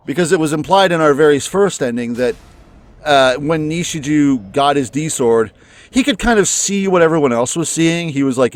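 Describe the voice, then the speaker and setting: A man hosting a let's play, chatting and musing about the story before playing, his pitch jumping up often. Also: no room sound. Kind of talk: casual commentary before a game. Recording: faint music underneath.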